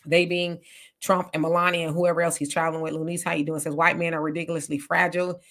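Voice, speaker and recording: A woman's voice: on the low side, quick pace. Chatty woman reading live comments. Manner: chatty and animated, reacting aloud with laughs and exclamations. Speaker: livestream host reading viewer comments. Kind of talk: casual live chat.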